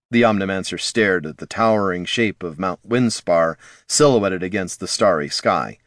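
A man narrating a fantasy audiobook in an expressive storytelling manner. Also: low voice, normal speed, few pauses, no room sound, clean studio sound.

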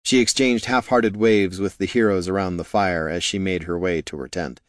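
A man narrating a fantasy novel in a steady, measured way. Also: low voice, no room sound, studio quality. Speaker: audiobook narrator.

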